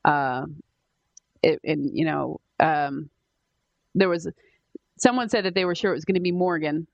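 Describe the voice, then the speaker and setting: A woman's voice: deep voice, measured pace, creaky, no room sound, lo-fi sound. A woman co-hosting a podcast in casual chat, chatty with many fillers and restarts. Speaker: podcast co-host.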